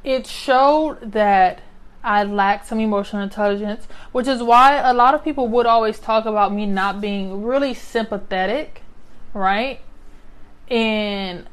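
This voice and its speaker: A woman's voice: mid-range voice, unhurried, clean tone. A young adult woman talking casually and reflectively to her listeners, often ending a point with "right?". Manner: conversational, often adds "right?" as a tag. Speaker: speaker sharing personal reflections.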